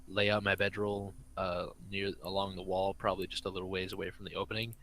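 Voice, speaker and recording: Man, very low flat voice, hesitant player, faint hiss. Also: quick pace, rough recording. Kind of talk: casual tabletop play.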